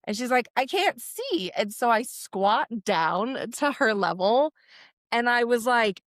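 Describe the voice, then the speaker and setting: A woman co-hosting a podcast in casual chat, telling stories with lively acted-out quotes and casual swearing. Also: on the high side, measured pace, no echo, clean studio sound. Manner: animated storyteller who acts out quoted voices. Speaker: podcast co-host.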